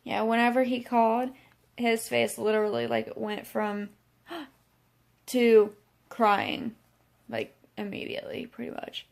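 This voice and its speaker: A young woman vlogging from home, talking to camera in a tired, halting way with lots of fillers and yawns. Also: a little high, animated, gravelly, a little mellow. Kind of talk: casual vlog talk to camera.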